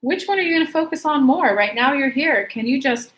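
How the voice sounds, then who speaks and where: A woman's voice: sits high, expressive, brisk, fairly bright tone. A woman coaching live as she answers viewer questions, in a chatty, emphatic way. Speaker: law of attraction coach.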